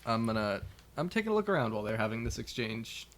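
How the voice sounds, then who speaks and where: Brief: male player, bright tone, halting casual delivery. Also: medium pitch, very animated. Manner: rambling, halting, laughs. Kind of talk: casual tabletop role-play.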